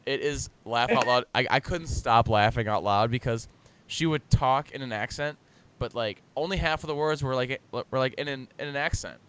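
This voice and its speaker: Dude with a smooth voice just chatting, rambly and jokey, laughing a lot. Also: male voice, medium pitch, moderate pace, fairly bright tone. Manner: laughing, joking, rambling retelling. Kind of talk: casual chat.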